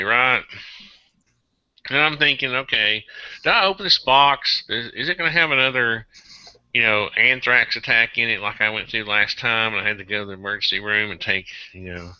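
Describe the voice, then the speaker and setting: A tired man hosting a casual online group chat, rambling and excitable, jumping into high-pitched outbursts. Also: normal speed, smooth, no echo, highs cut off. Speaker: host of an online hangout.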